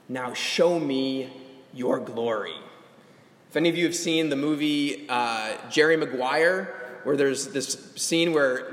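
A young adult man preaching a sermon as a pastor, animated and rising to emphatic calls. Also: fairly high pitch. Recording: echoey hall.

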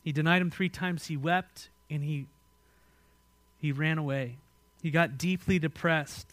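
A man with an American accent preaching a sermon as pastor, swinging between loud emphatic lines and hushed ones and asking the congregation questions. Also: fairly high pitch, unhurried, no echo. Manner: asks the congregation direct questions.

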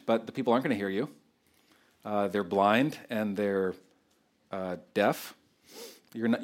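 A man in his thirties preaching a sermon as pastor, talking in a loose, unscripted way with fillers and restarts. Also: medium pitch.

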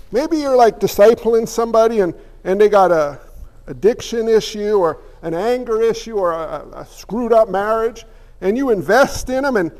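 A man's voice: high-pitched, darkish tone. A man preaching a sermon as a pastor, conversational and joking, with lots of rhetorical questions to the congregation.

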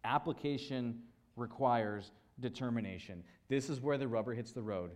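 A man's voice: mid-range voice, normal speed, darkish tone. A man preaching a sermon, building emphasis through repeated phrases and rhetorical questions. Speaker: pastor.

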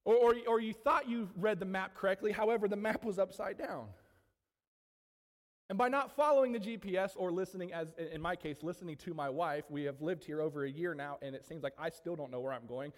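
A man preaching a sermon to his congregation, animated, with frequent asides to the room. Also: high-pitched, a little fast, in a large hall. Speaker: pastor. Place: church sanctuary.

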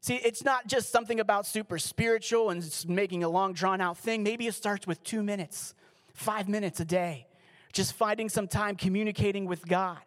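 A man, a pastor, preaching a sermon in an earnest, pleading way, slowing down and dropping to a near hush on key lines. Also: sits high, fairly even intonation.

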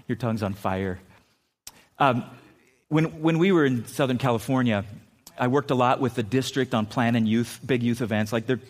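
A middle-aged man preaching a sermon in church, telling funny stories and putting on playful voices with sudden loud jumps. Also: mid-range voice. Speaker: pastor.

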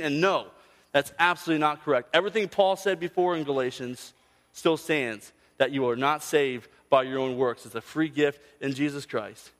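A man preaches with an animated, storytelling manner, now and then slipping into other voices. His voice sits fairly high. It rings out with a long reverb, as in a large hall. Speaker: pastor. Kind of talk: sermon.

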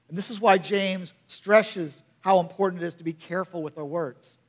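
A man's voice: high-pitched, normal speed, few pauses. A man in his forties preaching a sermon in a conversational way, often asking the congregation questions. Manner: drops to a quiet, hushed voice at emotional moments. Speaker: pastor.

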